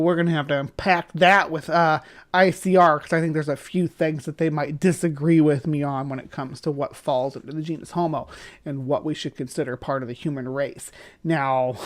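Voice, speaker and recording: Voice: mid-range voice, fairly even intonation, normal speed. Rambling livestream host commenting. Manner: rambling, corrects and qualifies points. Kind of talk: casual commentary reacting to a video.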